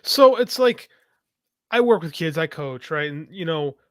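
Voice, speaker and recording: A man's voice: a little high, expressive, measured pace, no echo, clean studio sound. A man co-hosting a podcast, talking casually in a rambling way and correcting himself as he goes. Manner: rambling, self-correcting, many fillers. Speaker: podcast co-host; youth coach.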